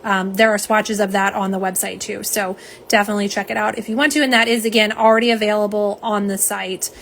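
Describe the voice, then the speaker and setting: A woman with a medium-pitched, gravelly, fairly bright voice talks fairly quickly with fairly even intonation over slight background noise. Live-streaming about nail polish, she's chatty and casual, calls her viewers "y'all," and reads their comments out to reply.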